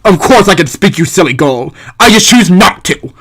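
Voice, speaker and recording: A man voicing a haughty male English philosopher in a game, speaking low, slow and pompous. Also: lively intonation, a bit bright, slightly rough, exaggerated voice. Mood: scornful.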